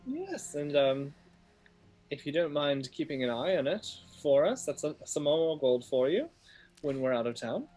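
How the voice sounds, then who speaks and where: Low-voiced woman player in character. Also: expressive, moderate pace, mellow, faint music behind. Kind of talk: in-character roleplay.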